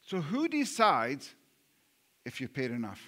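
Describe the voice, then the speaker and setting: Bright-voiced man preaching a sermon. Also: medium pitch, wildly swooping pitch, unhurried. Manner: earnest, with frequent repeated words and restarts; rhetorical questions to the congregation. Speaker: pastor.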